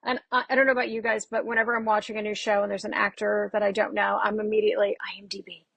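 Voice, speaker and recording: Raspy-voiced chatty woman dialect coach. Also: mid-range voice, dry recording. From Texas. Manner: chatty, animated storyteller with quick asides. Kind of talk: casual podcast interview.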